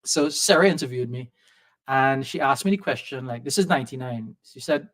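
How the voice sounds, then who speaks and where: Man with a softened Trinidadian accent. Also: mid-range voice, moderate pace. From Trinidad and Tobago. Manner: lively anecdotal storyteller, acts out quoted voices. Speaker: podcast guest. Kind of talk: storytelling in a conversation. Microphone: video call setup.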